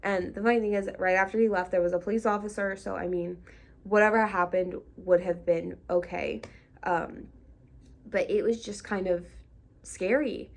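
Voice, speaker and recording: Chatty young woman with a gravelly edge. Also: medium pitch, steady tone, normal speed. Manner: chatty, lots of likes and ums, half-laughing. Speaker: vlogger. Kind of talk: casual storytime vlog.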